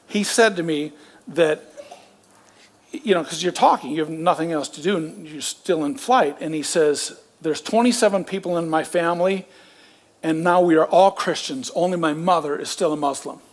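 A man's voice: on the high side, moderate pace. A man who is a pastor, telling a story in a sermon in a casual, self-deprecating way with joking asides. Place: church.

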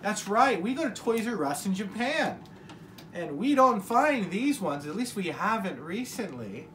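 A woman's voice: mid-range voice, sing-song, unhurried, fairly bright tone, a little hiss or hum. An American woman hosting a casual family unboxing vlog at home, upbeat and exclaiming as she coaxes a child along. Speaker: family vlogger.

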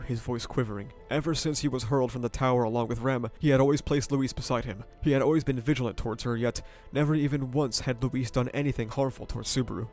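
A man reads a scripted story summary at a steady, even pace, mixing retelling with short comments. His voice sits in a middle pitch, and quiet music plays under it. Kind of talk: scripted narration.

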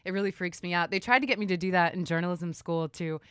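A woman's voice: on the low side, fast talker, clean tone, no echo, clean studio sound. A woman who is a reporter, chatting as a guest on a radio show in an easygoing way and laughing often. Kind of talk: casual interview chat. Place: radio studio.

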